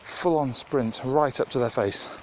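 A man vlogging casually while walking dogs on a muddy country path, chatting to the camera between loud calls to his dogs. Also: mid-range voice, a little slow. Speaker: dog walker. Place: outdoors on a muddy rural path. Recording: muffled outdoor recording with background noise.

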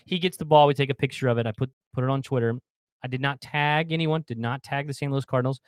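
Man in his thirties, casual storyteller who stumbles and restarts, mid-pitched, dry recording. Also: fast, clean tone, dry recording. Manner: animated storyteller, repeats words, acts out the yelling fans. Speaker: fan telling a story. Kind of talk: casual chat on a video call.

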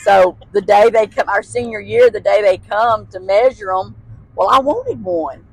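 A woman's voice: mid-range voice, moderate pace, breathy edge, no echo, rough recording. A woman, a guest telling childhood stories in casual chat, laughing often and using folksy phrasing. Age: 60s.

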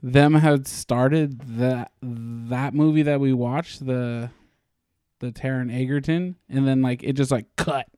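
A man's voice: mid-range voice, steady tone, takes it slowly, dark tone, clean tone, no echo, clean studio sound. A man co-hosting a podcast in casual chat, rambling with lots of fillers and laughing often. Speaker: podcast co-host.

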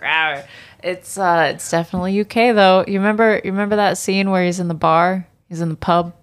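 A woman's voice: mid-range voice, steady tone, brisk. A woman co-hosting a podcast in casual chat, laughing and teasing her co-host.

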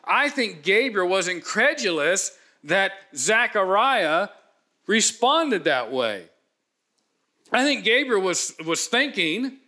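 A man delivers a sermon in a high, bright voice. He preaches dramatically, acting out the story with emphatic pauses. His tone stays vivid and energetic. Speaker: pastor.

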